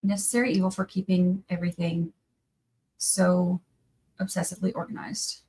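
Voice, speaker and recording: A woman's voice: lowish voice, level tone, normal speed, mellow, husky, poor audio. Chatty woman livestreaming. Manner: chatty, rambling, breaks off mid-sentence. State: tired from little sleep. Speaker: livestream trial commentator. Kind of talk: casual livestream chat.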